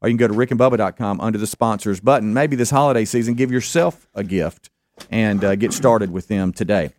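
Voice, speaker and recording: A man's voice: lowish voice, brisk, a little hiss or hum. A man hosting a radio show, reading an ad. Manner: relaxed, filler-heavy ad read. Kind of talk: casual sports talk and ad reads. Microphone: studio microphone.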